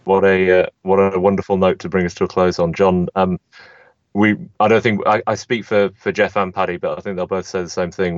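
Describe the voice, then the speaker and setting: Deep, fast-talking podcast host. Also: male voice, no room sound. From Sheffield, England. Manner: brisk, friendly, lots of fillers. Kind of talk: casual podcast interview. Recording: dull lo-fi remote audio.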